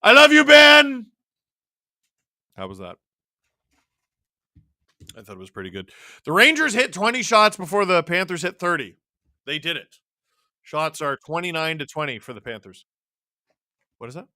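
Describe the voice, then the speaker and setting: A man hosting a live stream, casually calling a hockey game and chatting, his voice worn a little deeper from long talking. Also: big pitch swings, brisk, long pauses, bright, forceful tone, no room sound, studio quality. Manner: chatty, reacting to the game and chat as it happens. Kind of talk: casual live play-by-play and chat.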